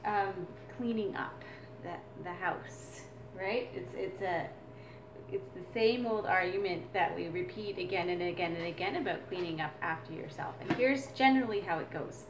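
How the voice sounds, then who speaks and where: A woman's voice: lowish voice, moderate pace, noisy background. A woman teaching a drumming exercise as a mother, explaining in an earnest, reflective way. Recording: echoey room with drums.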